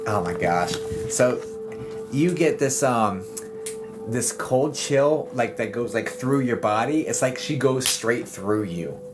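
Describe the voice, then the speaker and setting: A man's voice: medium pitch, lively intonation, takes it slowly. Chatty man streaming over music. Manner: rambling, chatty, with frequent fillers and laughs. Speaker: psychic medium. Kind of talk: casual livestream chat. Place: home livestream setup. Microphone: streaming mic. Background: soft background music.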